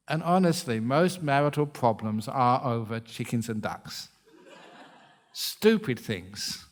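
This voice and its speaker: A man's voice: mid-range voice, big pitch swings, slow pace, long pauses. A man who is a monk giving a humorous dharma talk, joking and often laughing at his own stories.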